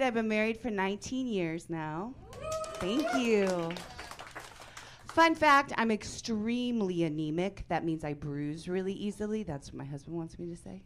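A woman in her forties working a stand-up set into a handheld mic. Her delivery is dry and deadpan, then bursts into loud, exasperated outbursts. A faint hiss of noise sits under her voice. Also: lowish voice. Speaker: stand-up comedian. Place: comedy club stage.

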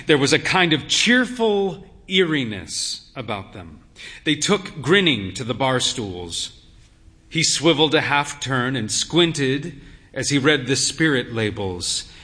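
A man reading a literary story aloud in the first person, weary, wry and unhurried. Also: mid-range voice, big pitch swings, pushed and bright, long reverb tail. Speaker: narrator, pub landlord.

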